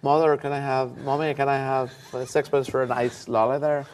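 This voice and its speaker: A man's voice: mid-range voice, little pitch movement, a little fast, a little mellow, slight background noise, lightly acted. A man putting on the voice of a cheeky little boy with a Northern Irish accent, chirpy and sing-song.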